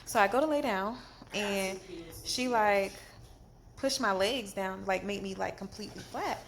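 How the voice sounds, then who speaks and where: A woman telling a storytime vlog from a hospital bed after surgery, animated and exasperated, in pain. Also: medium pitch, measured pace, gravelly, slight background noise. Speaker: vlogger.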